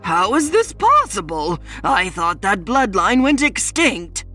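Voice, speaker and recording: A woman voicing a stern male alpha wolf who speaks in a measured, scornful way. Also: medium pitch, very animated, sharp tone, soft background music, full character voice.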